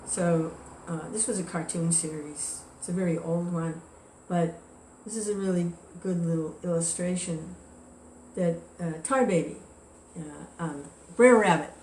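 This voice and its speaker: A woman teaching a devotional scripture class, telling a story in a relaxed, chatty way. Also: lowish voice, unhurried, slight background noise. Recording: echoey room with faint ambience.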